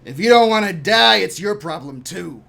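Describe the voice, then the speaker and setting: A man playing a curt, gruff mercenary captain. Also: sits high, animated, measured pace, bright, forceful tone, pitched above the performer's own voice, heavily acted. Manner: curt, commanding. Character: gruff male mercenary captain, blunt and impatient.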